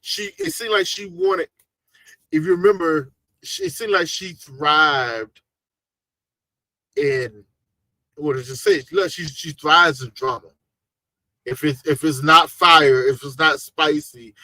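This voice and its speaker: A man hosting a casual live podcast chat, talking in an animated, slangy, jokey way. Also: on the high side, takes it slowly, pauses often, dry recording. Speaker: podcast host.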